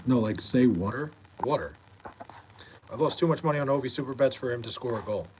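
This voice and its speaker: Young man from New York, live-stream host, mid-pitched, easygoing and foul-mouthed, faint background hum. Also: animated, a little fast, darkish tone, rough recording. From Long Island, New York. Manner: reads viewer messages aloud, laid-back, swears freely. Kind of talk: casual live-stream chat Q&A.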